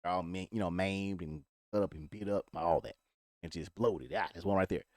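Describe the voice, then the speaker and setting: A man's voice: low voice, fairly even intonation, brisk, a little mellow, dry recording, studio quality. A man giving a casual, rambling spoiler recap of a TV episode, swearing freely and talking in laid-back slang. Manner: profane, rambling retelling. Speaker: TV show reviewer.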